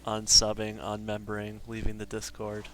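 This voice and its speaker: A man's voice: on the low side, completely flat delivery, normal speed, over music. Chatty male game streamer. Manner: chatty, self-deprecating, joking with chat. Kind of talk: casual live-stream chat while gaming.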